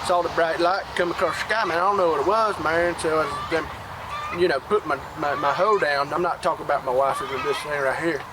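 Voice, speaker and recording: A crude, bumbling country husband, played by a man, stammers and cusses as he rambles on, in a fairly high voice. He is recorded outdoors, with clear background noise. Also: fairly quick, natural voice. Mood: rambling.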